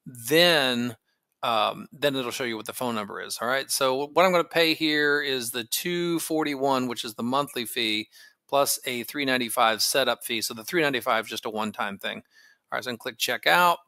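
A man's voice: mid-range voice, normal speed, pushed and bright, no room sound. A man casually walking through a phone service setup, thinking aloud with fillers as he clicks along. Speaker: tech tutorial host. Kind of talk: casual screen-recording walkthrough.

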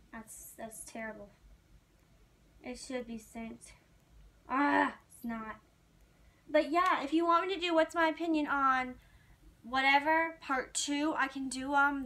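A young woman vlogging in a casual, rambling way, chatting excitedly to her viewers as a fan. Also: high-pitched. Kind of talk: casual chat to camera.

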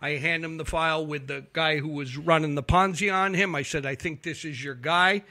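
Fast-talking, profane male storyteller. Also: a little high, no echo. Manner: animated, profane storyteller acting out quotes. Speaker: investigative reporter guest. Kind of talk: casual storytelling on a talk show.

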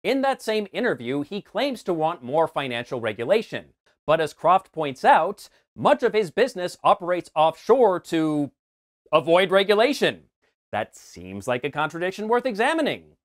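A man's voice: sits high, sing-song, moderate pace. A man giving sarcastic, exasperated scripted commentary as a film reviewer, swearing freely.

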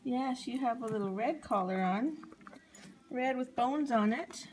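A woman with a fairly high voice coos at her puppies in slow, sing-song baby talk, sometimes sinking to a hush. It sounds like a home video with clear background noise and dogs around her. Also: lively intonation, rough recording. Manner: cooing, sing-song, drops to soft whispers. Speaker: dog breeder filming her puppies.

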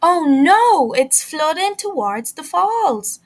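Woman playing a young girl ferret, storybook, high shrill voice, shouting, eager. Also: very animated, slow pace, heavily acted. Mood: alarmed.

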